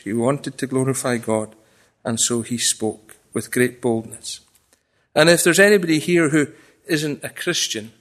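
A pastor with a mid-range voice preaches to his congregation, shifting between loud, declaiming passages and hushed, confiding asides, all with self-deprecating humour.

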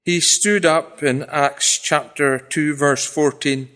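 A man delivering a sermon in a fairly high voice. He swings between loud, proclaiming passages and hushed, confiding asides. He also drops in wry, self-deprecating remarks to his listeners. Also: steady tone, slow. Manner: dynamic, swings from raised declaiming to quiet confiding. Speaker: pastor.

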